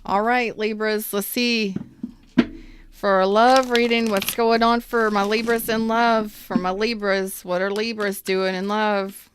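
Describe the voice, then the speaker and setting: A woman's voice: mid-range voice, little pitch movement, a little slow, background noise. A woman giving a casual, chatty tarot reading, speaking straight to her viewers in an upbeat, emphatic way. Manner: chatty, addresses viewers directly. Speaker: tarot reader.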